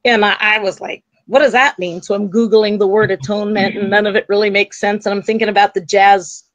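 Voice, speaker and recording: Woman telling an animated spiritual story. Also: medium pitch, fairly quick, no room sound. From United States. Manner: animated storytelling, acts out quoted voices. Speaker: guest, psychic medium. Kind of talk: storytelling in an interview.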